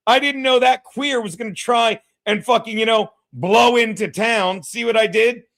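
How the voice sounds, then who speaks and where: A man's voice: very high voice, normal speed, a bit bright. A man hosting a casual chat show, telling stories in a profane, ranting way and acting out what people said. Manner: profane, ranting, acts out quotes. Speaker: podcast host.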